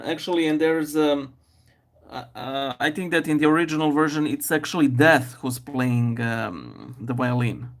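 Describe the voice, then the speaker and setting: A man hosting a casual live stream, thinking aloud with many fillers and restarts, speaking English with a noticeable non-native accent. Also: medium pitch. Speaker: live-stream host painting and answering viewer questions.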